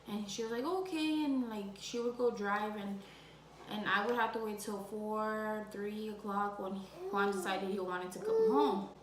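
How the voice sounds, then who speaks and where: A woman's voice: mid-range voice, lively intonation, measured pace, echoey room, background noise. A young woman vlogger telling her own story in a casual, rambling way, leaning on "like," emotional and close to tears at times. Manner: rambling, heavy use of "like".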